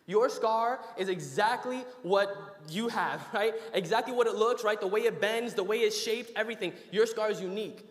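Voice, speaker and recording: A man's voice: high voice, moderate pace, hardly any pauses. Young man preaching in an echoey hall. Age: young adult. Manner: conversational, storytelling, builds to emphatic preaching. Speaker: student preacher. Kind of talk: short sermon.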